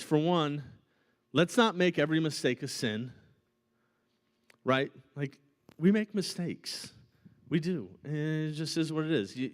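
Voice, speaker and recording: A man preaching as a pastor, in a conversational and animated style, often checking in with "right?". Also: medium pitch. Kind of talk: sermon. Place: church auditorium.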